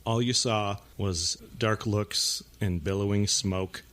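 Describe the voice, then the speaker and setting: A man's voice: on the low side, fairly even intonation, slow, a bit bright. A man co-hosting a casual podcast, telling a story with a dry delivery. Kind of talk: casual chat.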